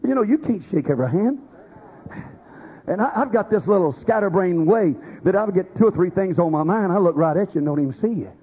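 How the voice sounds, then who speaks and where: A man's voice: sits high, lively intonation, brisk, breathy edge, phone-quality sound. A man preaching a sermon, acting out quoted voices as he goes. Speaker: pastor.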